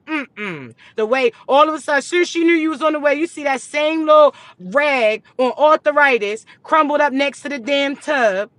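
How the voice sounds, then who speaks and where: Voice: high voice, normal speed, few pauses, fairly bright tone, dry recording. A host of a spiritual reading channel delivering a profane, comedic rant to viewers, blunt and scolding, with teasing, mock-dramatic asides. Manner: blunt, scolding, heavy cursing.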